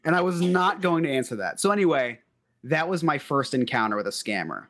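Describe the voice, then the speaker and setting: A man's voice: on the high side, a little fast. A man co-hosting a comedy podcast, telling a story and reading out messages with frequent laughter. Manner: animated, laughing often. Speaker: podcast co-host.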